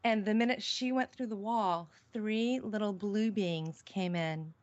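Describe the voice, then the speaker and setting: A woman's voice: mid-range voice, unhurried, a little mellow. A middle-aged woman, a radio show guest, earnestly recounting a personal experience with many restarts. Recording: dull, lo-fi call-in audio.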